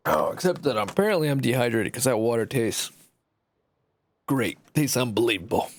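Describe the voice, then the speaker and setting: A man's voice: mid-range voice, animated, moderate pace. A man with a Canadian accent and a nasal-sounding voice, rambling and swearing casually through gameplay commentary as a streamer. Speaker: game streamer.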